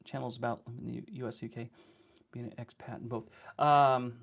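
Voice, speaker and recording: Livestream host, man, mid pitch, rambling chatter, dull lo-fi sound. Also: fairly even intonation, creaky. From California. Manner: rambling, chatty, quick to laugh. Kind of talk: casual livestream chat.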